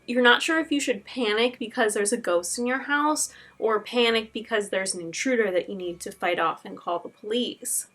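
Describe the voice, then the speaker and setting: A woman host with a slightly high, bright, crisp voice chats casually between spooky clips. She muses out loud, full of little fillers. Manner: chatty, musing, lots of fillers like "like". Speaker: host of a ghost-story channel. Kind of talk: casual reaction commentary.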